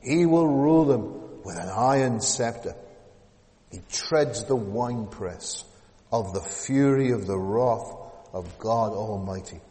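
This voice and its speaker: A man preaching a sermon, moving from loud declaiming to hushed whispers, with casual asides ending in tag questions. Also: mid-range voice, expressive, slow. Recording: long hall reverb.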